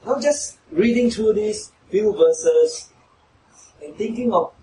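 A man's voice: sits high, expressive, takes it slowly, dark tone, a little hiss or hum. A man preaching a sermon who asks his listeners questions and raises his voice when he quotes mockers. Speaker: pastor. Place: church hall. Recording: echoey hall, mic from far off.

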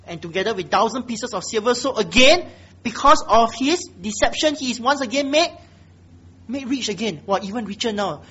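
Husky preacher, emphatic sermon. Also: male voice. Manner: emphatic, dropping to low quiet exhortation. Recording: dull lo-fi sound.

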